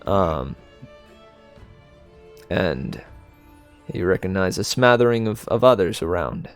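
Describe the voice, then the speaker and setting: Guy running a tabletop game, slow and laid-back, lots of ums. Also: deep voice, soft background music. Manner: relaxed, hesitant, many fillers. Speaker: game master.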